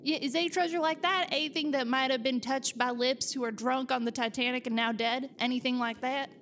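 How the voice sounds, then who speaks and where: A woman doing a pushy young hustler, bright voice, a bit high, boastful and blunt, faint background hiss. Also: fairly even intonation, a little fast.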